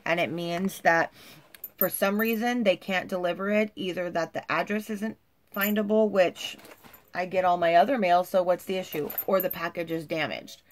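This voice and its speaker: Gushing, chatty woman vlogger, slightly low voice. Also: steady tone, normal speed. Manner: chatty and gushing, full of "like" and "you guys". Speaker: lifestyle vlogger. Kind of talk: casual chat to camera. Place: at home.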